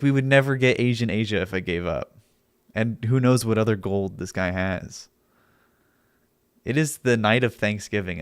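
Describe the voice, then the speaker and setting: A man's voice: fairly low pitch, smooth, no room sound, studio quality. A young man streaming, arguing with his chat in a sarcastic, argumentative way and laughing often. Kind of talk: casual livestream chat.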